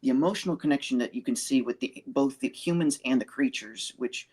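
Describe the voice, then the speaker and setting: A man co-hosting a live review show who speaks earnestly and haltingly, with frequent fillers. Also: mid-range voice, darkish tone.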